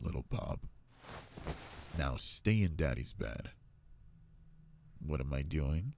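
A man playing a possessive, doting alpha lover in an intimate audio role-play, talking in a low, teasing way. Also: creaky, darkish tone, no echo, exaggerated voice.

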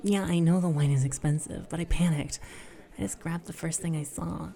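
Low, gravelly woman in whispered role-play. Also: fairly even intonation, moderate pace, mellow. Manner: flustered, breathy, teasing.

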